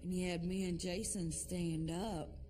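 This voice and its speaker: A woman gives documentary interview testimony about her time as a prison officer. She speaks slowly and plainly, laying out each moment in a measured way. Faint music plays softly beneath her. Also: fairly low pitch, steady tone. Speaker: former prison officer recounting an ordeal.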